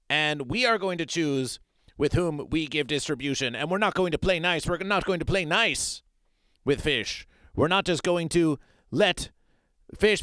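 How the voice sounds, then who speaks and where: A stubborn male goat leader, as a comedian puts him on, makes flat, defiant declarations. His voice is smooth and fairly high. It sounds close and dry. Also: no room sound.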